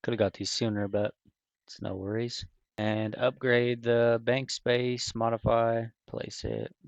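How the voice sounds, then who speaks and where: A man's voice: medium pitch, flat delivery, measured pace, vocal fry, no room sound. A man talks casually over his gameplay in a loose, rambling way, full of fillers and restarts. His voice sits in a middle register. The recording is dull, lo-fi and dry, with no room sound. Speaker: gaming video creator.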